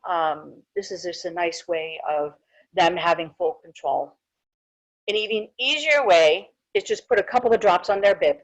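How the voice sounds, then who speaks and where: In a muffled recording, a woman with a lowish voice speaks at a normal speed. She's a dental hygienist giving a live webinar in a loose, chatty way, with frequent asides, fillers and restarts.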